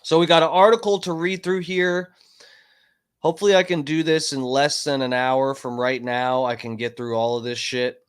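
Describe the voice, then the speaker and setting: A man's voice: medium pitch, steady tone, moderate pace, smooth. A man hosting a casual livestream from home, rambling and swearing heatedly. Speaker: livestream host.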